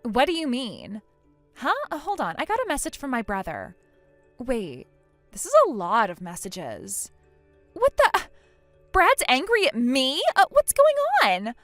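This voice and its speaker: A woman's voice: on the high side, very animated, a little slow, fairly bright tone, no echo, soft background music. A woman voicing a spiteful, taunting young woman, the groom's sister, in an acted text-message story. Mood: pleading. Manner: taunting, snickering, dismissive.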